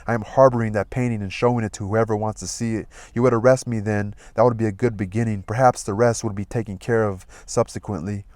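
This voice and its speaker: Low-voiced man reading a novel aloud. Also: steady tone, fast talker, hardly any pauses, darkish tone, no echo. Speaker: audiobook reader.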